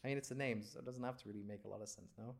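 Woman host, low voice, teasing and blunt interviewer. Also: fairly even intonation, rapid-fire, creaky. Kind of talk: casual chat.

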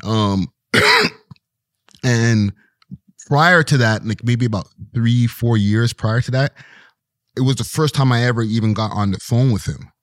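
A man's voice: medium pitch, measured pace, fairly bright tone, dry recording, studio quality. A man in his forties with a Toronto accent, a podcast guest chatting casually in street slang and often checking in with "you know what I'm saying.". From Toronto, Canada. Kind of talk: casual conversation.

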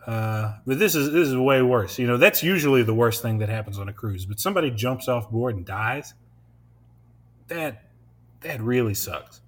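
A man's voice: medium pitch, animated, normal speed. A young man hosting a podcast, chatting casually, rambling and laughing often, with lots of swearing. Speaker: podcast host. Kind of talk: casual chat.

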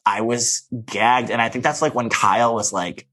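A man's voice: medium pitch, moderate pace, few pauses, a bit bright. A man co-hosting a casual podcast chat, gossiping about a TV show and mimicking the people in it. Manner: gossipy, quotes people in mock voices. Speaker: podcast co-host.

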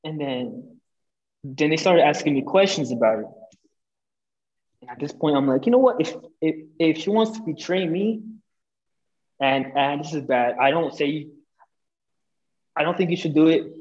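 A young podcast guest with a fairly high voice tells a personal story casually, talking a little slowly with long pauses. He's animated, swears, and acts out what people said, on dull lo-fi audio.

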